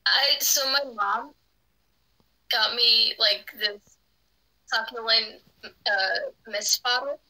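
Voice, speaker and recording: A woman's voice: fairly high pitch, steady tone, slow pace, pauses often, pushed and bright, poor audio. A teenage girl chatting on a podcast through an old computer webcam mic, giggly and full of fillers. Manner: giggly, lots of 'like' fillers. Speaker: podcast co-host. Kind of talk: casual chat.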